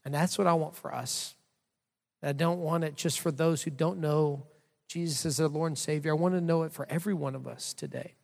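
Man, pastor, chatty storytelling sermon, gravelly voice, echoing church hall. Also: fairly high pitch, fairly even intonation, fairly quick, darkish tone. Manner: conversational storytelling, many fillers. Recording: long hall reverb.

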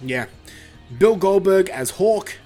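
A man's voice: high-pitched, expressive, mellow, soft background music. Laid-back man. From Australia. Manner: laid-back, swears, halting with fillers. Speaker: podcast host reviewing a film. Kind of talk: casual chat.

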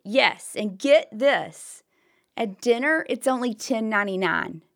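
A woman with a hoarse voice, co-hosting a podcast and telling a story in animated casual chat with whispered asides. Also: a little high, unhurried. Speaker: podcast co-host.

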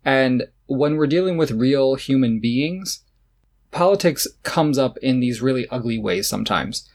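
A man talking casually as a podcast co-host, with a voice of ordinary middle pitch. He is opinionated and sarcastic, and he laughs often as he makes his points. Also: lively intonation, measured pace, a little mellow. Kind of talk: casual chat about tennis.

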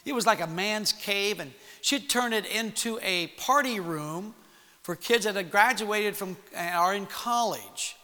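A man preaching, telling a personal story to young people in an animated way and acting out the voices in it. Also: high voice, a little slow. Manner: animated storytelling with acted-out quotes. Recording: long hall reverb.

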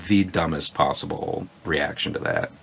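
Man, deep, gravelly, rambling profane podcast chat. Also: moderate pace, a little hiss or hum. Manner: rambling, profane, animated storytelling. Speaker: podcast guest. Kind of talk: casual chat.

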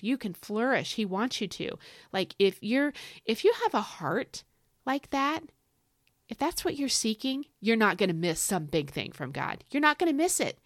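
A woman hosting a casual devotional podcast, chatty and encouraging, with lots of asides and repeated phrases and pitch that jumps up on emphasis. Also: dry recording, studio quality. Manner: expressive, pitch swinging up on emphasis. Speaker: podcast host teaching from the Psalms.

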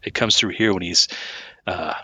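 A man's voice: sits low, normal speed, bright, forceful tone, slightly rough, dry recording. A man co-hosting a podcast, chatting casually with a dry, teasing manner. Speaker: podcast co-host. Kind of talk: casual chat.

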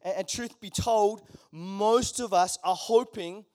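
A man's voice: high-pitched, slow pace. A man, preaching in church and acting out the story. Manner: animated, acts out characters in quoted voices. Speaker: pastor. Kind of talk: sermon with storytelling. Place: church hall.

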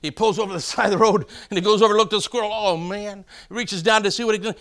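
Bright-voiced folksy male preacher. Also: high voice, fairly even intonation, racing. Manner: folksy storytelling, calls out to congregation. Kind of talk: sermon with joke stories.

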